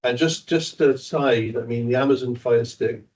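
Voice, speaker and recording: A man's voice: medium pitch, normal speed, darkish tone. Welsh councillor guy, blunt, kinda critical, medium voice. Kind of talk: council meeting discussion.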